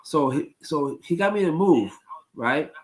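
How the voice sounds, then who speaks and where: A man with a somewhat high voice tells stories to his stream chat in a loose, casual way. He rambles, circles back and repeats his phrases, with plenty of ums and restarts. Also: animated, a little slow, low-quality recording. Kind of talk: casual storytelling to a live chat.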